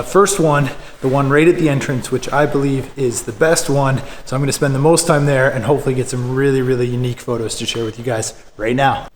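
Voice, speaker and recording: A man casually narrating a photography vlog as he walks through a quiet indoor stairwell, with relaxed talk and plenty of fillers. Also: medium pitch, a little hiss or hum. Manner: relaxed, chatty, many fillers. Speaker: photography vlogger. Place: large indoor stairwell of a public building.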